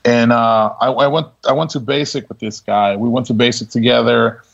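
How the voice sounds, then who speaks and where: A laid-back man tells a story on a podcast, his gravelly voice often breaking into laughter and restarting sentences. The sound is dull and lo-fi. He talks casually, with lots of fillers. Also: mid-range voice, steady tone, normal speed. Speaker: podcast guest.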